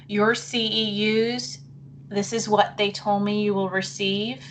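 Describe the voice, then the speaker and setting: Running a live online session for teachers, a middle-aged woman chats apologetically and thinks out loud while clicking along, her voice wavering amid repeated throat-clearing. She speaks slowly at a medium, level pitch, with a little hiss or hum in the recording.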